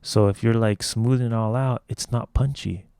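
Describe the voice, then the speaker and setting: A man's voice: mid-range voice, fairly even intonation, normal speed, creaky, mellow, clear, resonant tone, no echo. A man casually teaching how to mix a song in a home studio, rambling and swearing freely as he explains. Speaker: music producer teaching mixing.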